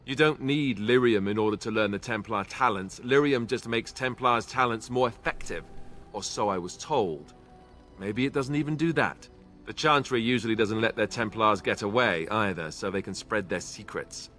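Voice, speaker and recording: A man acting out a young former templar and warden in a video game, speaking with a British accent. His voice sits on the low side, dry and self-deprecating. Faint game music plays behind him. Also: normal speed, a bit bright, close to an everyday voice. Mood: wry.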